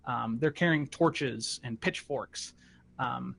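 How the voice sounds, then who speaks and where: A man's voice: medium pitch, slow, vocal fry, fairly bright tone, a little hiss or hum. A man narrating as game master, playful, laughing and full of fillers.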